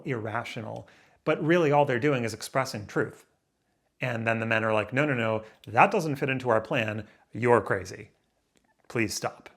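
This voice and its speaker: A man in his late thirties ranting to camera in a raw, emotional vlog, angry and swearing, stumbling over restarts and swinging between loud outbursts and low muttering. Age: 30s. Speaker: vlogger.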